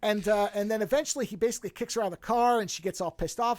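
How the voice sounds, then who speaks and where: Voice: medium pitch, fast, hardly any pauses, no room sound. A podcast host in casual chat, retelling a film with plenty of swearing and acting out the characters' lines. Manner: profane, animated storytelling, acts out characters' lines.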